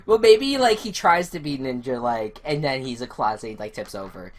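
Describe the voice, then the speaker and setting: Loud, animated young woman podcaster. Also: extremely low pitch, normal speed. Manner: loud, animated, laughs and swears often. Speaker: podcast co-host. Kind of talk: casual recap chat.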